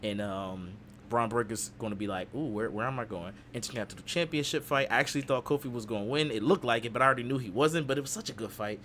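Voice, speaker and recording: A man's voice: medium pitch, fast, few pauses, fairly bright tone, a little hiss or hum. A man hosting a casual wrestling podcast, recapping the show in a playful way and slipping into silly voices. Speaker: podcast host.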